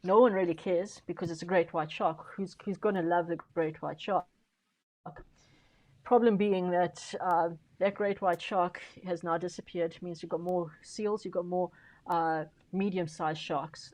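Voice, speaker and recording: Emphatic woman panelist, low voice. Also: steady tone, normal speed, a little mellow, rough recording. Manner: emphatic, persuasive, repeats words for stress; frequent fillers and restarts. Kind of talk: conference panel discussion.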